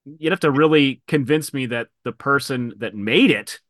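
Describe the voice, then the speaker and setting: A man in casual podcast chat who tells stories in an animated way and acts out quoted lines. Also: mid-range voice, moderate pace, no echo, clean studio sound.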